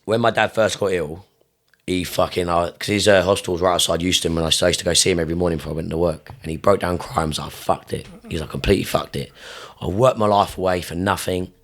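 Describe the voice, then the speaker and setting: A man's voice: deep voice, steady tone, fast. A young man, a gym owner and Muay Thai coach, talking in a casual podcast interview. He speaks with intense emphasis, swears constantly, repeats his phrases, and his voice jumps up sharply when he gets fired up.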